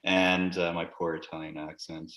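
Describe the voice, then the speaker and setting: A man's voice: sits low, flat delivery, moderate pace, a bit bright. A man hosting a casual podcast, joking crudely and swearing freely. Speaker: podcast host. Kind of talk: casual chat. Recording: roomy echo.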